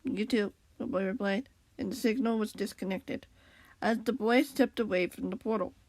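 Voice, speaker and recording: A woman's voice: medium pitch, moderate pace, darkish tone, no room sound. A young woman reading a storybook aloud in a casual way, with chatty asides about her own slips. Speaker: reader.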